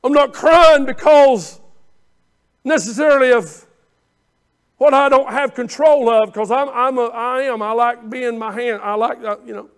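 A pastor preaching a sermon with passion, swinging from quiet pleading to shouting and often repeating words as he builds. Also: extremely high pitch, a little slow, clear, resonant tone. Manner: repeats words and restarts phrases.

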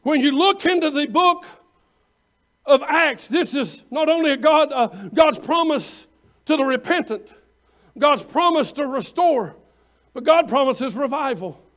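Fervent high-voiced preacher man. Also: lively intonation, a little slow. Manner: fervent, often shouting, calls out congregants by name. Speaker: pastor. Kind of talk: impassioned revival sermon.

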